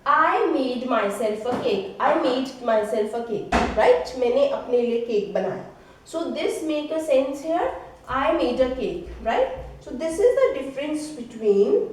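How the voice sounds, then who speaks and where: A woman's voice: high voice, a little mellow. A woman teacher with an Indian English accent, giving a classroom grammar lesson and checking in with a questioning "right?" at the end of her points. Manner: slow, explanatory, ends phrases with a questioning "right?". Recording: echoey room, voice from a distance, faint hiss.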